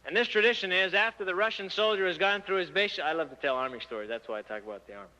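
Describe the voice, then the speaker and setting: Animated man giving a muffled youth talk. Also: high voice, rapid-fire. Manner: animated storyteller, asks rhetorical questions, acts out dialogue. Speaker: church speaker addressing youth. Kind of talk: sermon-style talk to teens. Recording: muffled lo-fi recording.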